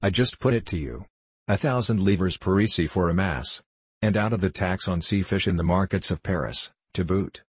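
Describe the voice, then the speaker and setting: A man reading the part of a sharp-tongued old fishwife, complaining as she speaks. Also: deep voice, normal speed, breathy edge, no room sound.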